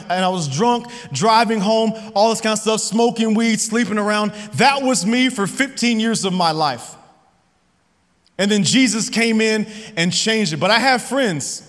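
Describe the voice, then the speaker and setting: High-voiced man preaching in a hall. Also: fairly bright tone. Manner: conversational, often asks the audience "right?". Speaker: pastor. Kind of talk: sermon with personal stories. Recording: long hall reverb.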